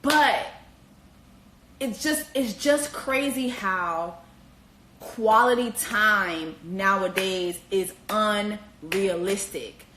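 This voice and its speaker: A woman hosting casual commentary on a reality TV show, animated and slangy, with profanity and squealing high exclamations. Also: drawn-out words, reverberant, slight background noise, rough recording. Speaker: host.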